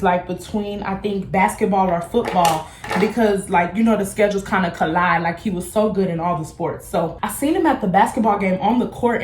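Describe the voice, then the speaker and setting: A woman's voice: medium pitch, darkish tone, roomy sound. A young adult woman vlogger, telling a casual storytime in a candid, slangy way and acting out the people she quotes. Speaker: beauty vlogger.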